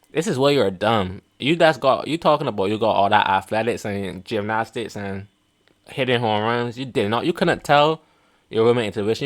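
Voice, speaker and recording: A young man hosting a reaction video, mocking and blunt in casual commentary, often laughing at what he watches. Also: on the low side.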